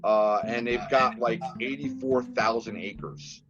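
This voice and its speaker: A man from Massachusetts chats as a podcast guest, spinning his stories with restarts and quick laughs. His voice sits at an ordinary middle pitch. The audio is dull and lo-fi, with faint music underneath. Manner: animated storyteller, lots of restarts and laughs. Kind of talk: casual interview chat.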